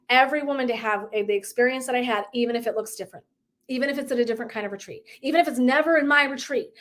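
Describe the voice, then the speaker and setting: A middle-aged woman wellness coach talking candidly in a casual live stream, swearing and laughing as she acts out her own thoughts. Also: fairly high pitch.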